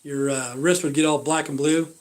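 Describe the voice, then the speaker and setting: A man in his fifties from the United States rambles through a casual livestream monologue, blunt and foul-mouthed. His voice sits a little high for a man, and sentences often fade into a mumbled "you know". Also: steady tone, normal speed. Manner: blunt, swears constantly, trails off with "you know". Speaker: livestream host.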